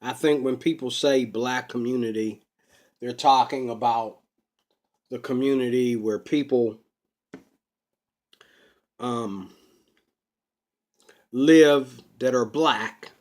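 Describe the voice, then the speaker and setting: A man talking to camera in a rambling personal vlog, unscripted and full of drawn-out ums. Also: medium pitch. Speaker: vlogger. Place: Pittsburgh.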